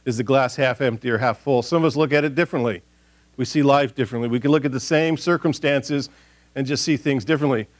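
A man's voice: mid-range voice, fast. A middle-aged man serving as pastor, giving a casual, folksy sermon and prayer in church, rambling with frequent restarts and fillers. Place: church sanctuary.

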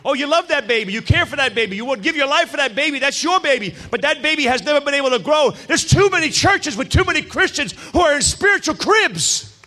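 A man preaching a sermon, telling stories with acted-out quotes and a lively, punchy delivery. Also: very high-pitched, fast talker. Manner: animated storytelling with acted quotes. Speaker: pastor.

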